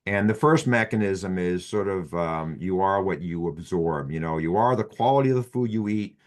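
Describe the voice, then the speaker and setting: A lower-pitched man with a Boston accent, talking through his ideas in a loose, rambling way. He restarts his sentences often and fills gaps with "you know", like a physician guest on a podcast. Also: moderate pace. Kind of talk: casual podcast talk.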